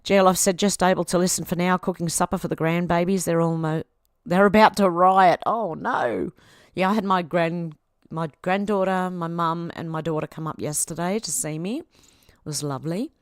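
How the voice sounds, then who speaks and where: A woman's voice: fairly low pitch, steady tone, moderate pace, dry recording, clean studio sound. An Australian woman in her fifties hosting a casual livestream, reading viewer comments aloud and chatting back to them. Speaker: livestream host.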